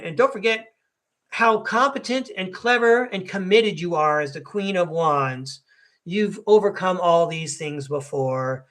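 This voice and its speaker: A man's voice: sits high, fairly bright tone. Man, American, podcast host, live tarot reading, chatty, rambling, folksy. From United States.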